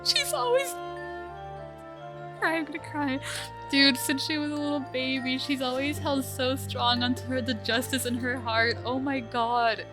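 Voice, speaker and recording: A woman streamer commenting casually on a game, excitable, emotional and swearing freely. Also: sits high, a little slow. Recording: game music playing loudly behind. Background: game music.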